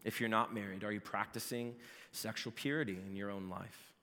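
A man delivers a sermon as the pastor, his voice bright and forceful. He talks with lively energy and breaks into loud outbursts when he jokes. His voice rings with the long reverb of a large hall. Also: fairly low pitch, brisk. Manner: animated, builds to shouting in jokes.

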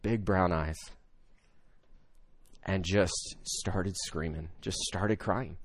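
In his thirties, a pastor preaches a sermon built around a personal story, swinging between loud excitement and hushed emotion. His voice sits low and he draws out his words.

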